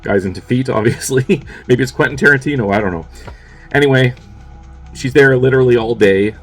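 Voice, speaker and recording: A man's voice: medium pitch, brisk, soft background music. A man casually recapping a movie plot for his review show, offhand and peppered with swearing and fillers.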